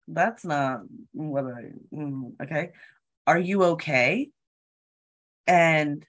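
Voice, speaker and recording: Woman, low voice, slow unhurried delivery, casual storytelling, swears, acts out quotes. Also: a bit bright. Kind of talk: casual chat.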